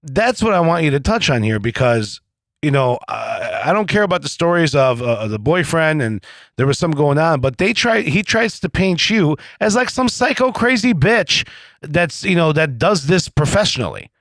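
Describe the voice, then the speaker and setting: A man's voice: a little high, very animated, moderate pace, fairly bright tone, dry recording. A man hosting a political podcast interview, talking bluntly and animatedly with plenty of profanity. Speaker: podcast host.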